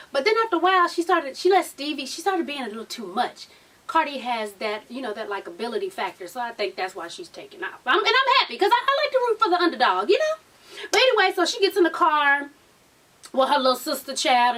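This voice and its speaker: A woman's voice: fairly high pitch, pushed and bright, recorded from a distance. A woman with a Southern US accent recapping a reality TV episode in a blunt, profane, sassy manner. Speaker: TV recap vlogger.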